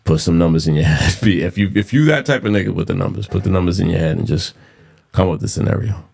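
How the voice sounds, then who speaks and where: A man's voice: low voice, quick pace, creaky, a little mellow. A man in his thirties hosting a casual solo podcast, blunt and profane, repeating himself for emphasis. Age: 30s. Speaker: podcast host.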